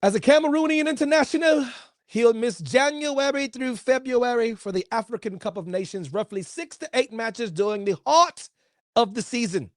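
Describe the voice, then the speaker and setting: A man hosting a solo football podcast. He talks in an animated, playful way, using slang and rhetorical questions. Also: very high-pitched, normal speed, no room sound, clean studio sound. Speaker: podcast host.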